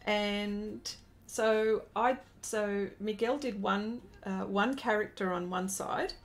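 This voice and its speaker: A woman's voice: mid-range voice, fairly even intonation, slow pace. A woman in her forties telling a rambling story during a casual live stream as an artist and host, breaking off to greet viewers.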